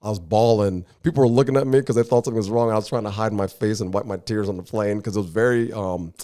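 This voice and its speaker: A man's voice: on the low side, fairly even intonation, fast talker, dark tone, no room sound, clean studio sound. A man as a podcast guest, telling his story in an earnest, reflective way. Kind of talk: casual conversational interview.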